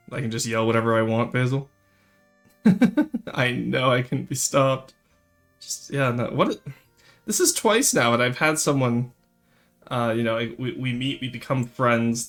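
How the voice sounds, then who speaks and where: A man chatting casually on a live stream, animated and rambling, quick to laugh. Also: medium pitch, soft background music.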